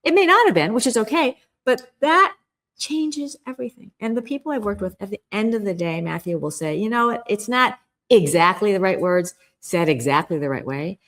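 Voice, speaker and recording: A woman's voice: mid-range voice, animated, normal speed, a bit bright. Earnest, emphatic woman coaching. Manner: earnest and emphatic, acts out quoted inner voices. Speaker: guest, communication coach. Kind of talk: podcast interview.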